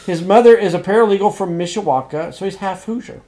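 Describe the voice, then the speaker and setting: Excitable man, slightly higher voice. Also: fast. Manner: excitable, swings from hushed asides to loud outbursts. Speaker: podcast co-host. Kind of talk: casual chat about movies.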